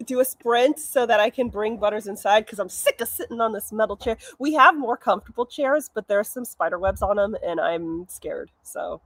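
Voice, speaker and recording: A woman's voice: medium pitch, moderate pace, hardly any pauses, a bit bright, no echo. A woman hosting a live writing session, chatting casually outdoors, swearing freely and laughing often. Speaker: host of live writing sprints. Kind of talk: casual chat. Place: outdoors on a metal chair.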